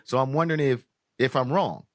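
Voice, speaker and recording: A man hosting a podcast in casual chat, joking in a slangy, animated way. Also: medium pitch, fairly quick. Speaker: podcast host.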